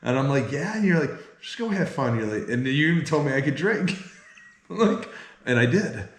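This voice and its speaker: A man hosting a casual interview, telling animated, self-mocking stories and laughing often. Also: medium pitch, moderate pace. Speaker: host. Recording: very echoey room.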